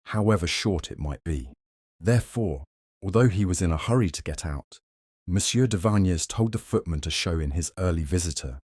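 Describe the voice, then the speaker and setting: A man reads a classic short story aloud in a very deep voice. The sound is dry and close, with no room around it. His delivery stays measured and even. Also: dry recording. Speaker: narrator.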